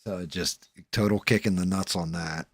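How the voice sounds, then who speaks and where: A man's voice: sits low, moderate pace, dry recording, clean studio sound. A man hosting a livestream, chatting casually while he paints, swearing freely and muttering to himself as he works. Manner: relaxed, rambling storytelling. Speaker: livestream host.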